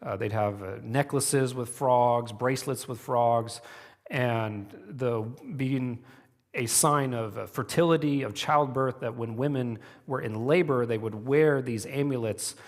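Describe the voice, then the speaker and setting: A man preaching a relaxed, conversational sermon as a church pastor, voice sitting at an average male pitch. He talks through the text with fillers and lets small chuckles slip into his asides. A long reverb trails behind him, as in a church sanctuary. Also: a little slow.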